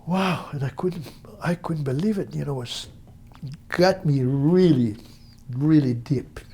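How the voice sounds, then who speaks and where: An older man from Brazil with a Brazilian accent, telling stories in an interview in an animated, halting way. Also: a little high, a little hiss or hum. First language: Portuguese. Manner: animated, halting, acts out voices in quotes. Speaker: interview guest, musician. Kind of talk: storytelling interview.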